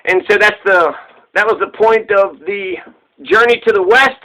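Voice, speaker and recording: A man with a high, bright voice retells an old fable off the cuff. He rambles and swears freely, and he laughs at his own jokes. The audio has a radio-like sound. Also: normal speed, low-quality recording. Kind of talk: casual profane retelling.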